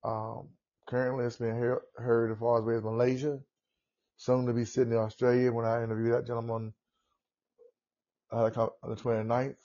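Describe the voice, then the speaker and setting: A man's voice: medium pitch, level tone, moderate pace, pauses often, warm tone. A man with a Southern US accent hosting a casual podcast conversation, chatty and rambling. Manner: rambling, chatty, laughs at himself. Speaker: podcast host. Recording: dull lo-fi audio.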